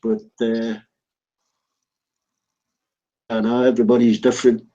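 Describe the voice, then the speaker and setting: A man's voice: mid-range voice, level tone, fast, dark tone. Man, blunt, dry, swears freely, lo-fi video call sound. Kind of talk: crude casual anecdotes.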